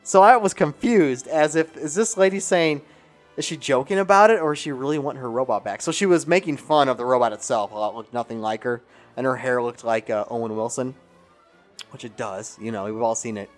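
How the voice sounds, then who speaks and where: A man co-hosts a casual studio podcast in a middle-pitched voice. He jokes around and tells stories in a relaxed, conversational way. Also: soft background music. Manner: jokey, storytelling, quick to laugh. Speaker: podcast co-host. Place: recording studio.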